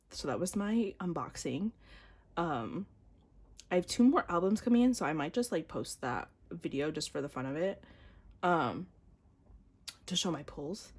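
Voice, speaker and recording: A young woman doing a casual unboxing vlog, gushing and excitable, with gasps and slang. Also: low-pitched, breathy edge. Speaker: vlogger.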